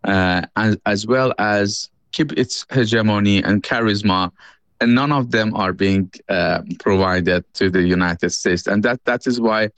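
Man, Iranian accent, middle-aged, lowish pitch, dry close sound, halting speech with fillers. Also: fairly bright tone, no room sound. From Iran. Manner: halting, with many fillers and repeated words. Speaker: interview guest, professor and former official. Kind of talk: news interview answers.

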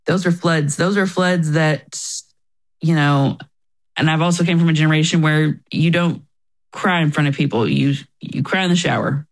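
A woman's voice: deep voice, moderate pace, poor audio. A woman talking as an interview guest, telling her personal story in an earnest, reflective way and often quoting herself and others.

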